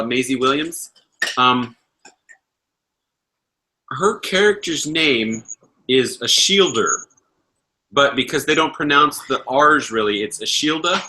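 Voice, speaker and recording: A man's voice: mid-range voice, sharp tone, poor audio. A man hosting a livestream, telling a casual, rambling story, laughing often and swearing freely. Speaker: livestream host.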